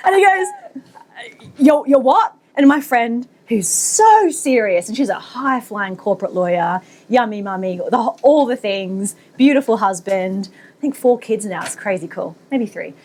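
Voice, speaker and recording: Brief: woman co-host in her thirties, chatty and animated, quick to laugh, high and lively. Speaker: podcast co-host. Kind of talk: casual storytelling chat.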